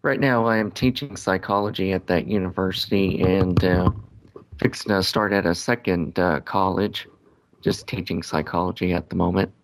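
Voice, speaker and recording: Low-voiced male caller, hesitant, full of uhs. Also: steady tone, normal speed, poor audio. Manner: hesitant, many fillers. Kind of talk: casual call-in chat.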